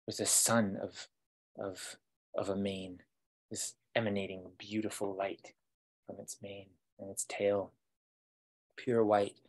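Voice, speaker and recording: A man telling a fairytale as a storytelling guide, slow with dramatic pauses, over a video call. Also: lowish voice.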